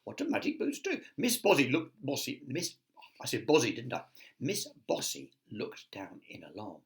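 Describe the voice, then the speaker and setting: A man's voice: mid-range voice, wildly swooping pitch, normal speed. A man, a teacher, reading a picture book aloud to children with chatty asides to his listeners.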